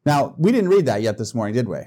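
A man's voice: medium pitch, sing-song, fast, warm tone. A man preaching as a guest in a church, in a conversational, joking way with small restarts. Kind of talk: sermon.

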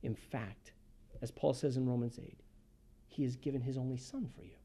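A pastor preaching a sermon, swinging from loud emphasis to hushed, almost whispered passages and acting out the people in the story. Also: medium pitch, steady tone, moderate pace, husky. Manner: acts out the voices of the people he describes.

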